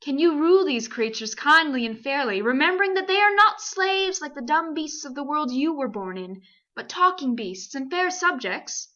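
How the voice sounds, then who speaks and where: A woman voicing a great, wise male lion who speaks slowly and gravely, read aloud as a storybook. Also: high-pitched, expressive, bright, forceful tone, lo-fi sound. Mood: solemn.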